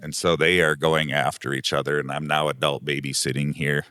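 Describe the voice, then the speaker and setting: A man with an extremely deep, low voice, a property manager guest telling a long story from his work. He rambles casually, filling the gaps with "um" and "like". The sound is dry and close, with no room echo. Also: level tone, brisk, bright, forceful tone, clean tone. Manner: rambling anecdotal telling, lots of um and like.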